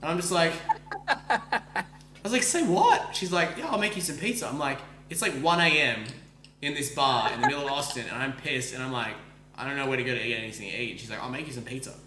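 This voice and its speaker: An Australian man hosting a podcast, telling a story in fast casual speech full of likes, swearing and restarts. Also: mid-range voice, roomy sound, noisy background. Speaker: podcast host. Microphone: streaming microphone.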